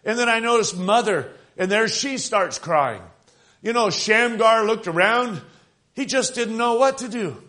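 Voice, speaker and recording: An older man preaches a revival sermon in a high-pitched voice. He builds to fervent peaks and slips into acted quotes of the people in his story. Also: animated, measured pace, pushed and bright.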